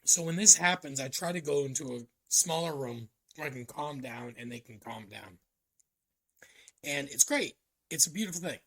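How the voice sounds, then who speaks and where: Gravelly, raspy man musing aloud. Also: fairly high pitch, fairly bright tone. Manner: halting, reflective, many ums and restarts. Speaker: vlogger. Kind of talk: casual personal vlog monologue.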